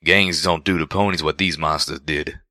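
A man's voice: a bass voice, steady tone, moderate pace, sharp tone, no room sound, clean studio sound. Man doing a folksy drawling cowpony.

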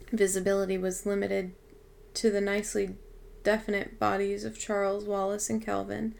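Woman reader with a heavily gravelly voice, steady audiobook narration. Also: medium pitch. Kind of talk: audiobook reading.

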